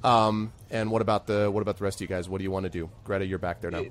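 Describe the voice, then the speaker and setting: A man's voice: low-pitched, very fast. A man running an online tabletop game as game master. He narrates loosely and uses lots of fillers. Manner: relaxed and hesitant, with many fillers.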